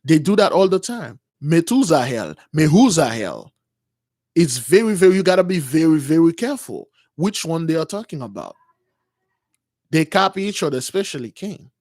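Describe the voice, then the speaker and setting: A man retelling a sacred tale in a casual, repetitive, halting way, full of slang and restarts. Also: on the high side, big pitch swings, a little mellow, no room sound, clean studio sound. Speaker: religious storyteller.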